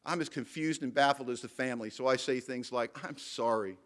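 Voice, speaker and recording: A man's voice: medium pitch, fairly even intonation, fairly quick, fairly bright tone. A middle-aged man giving a candid, emphatic recovery talk to a convention audience and telling his own story with self-mocking humor. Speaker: AA speaker. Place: convention hall.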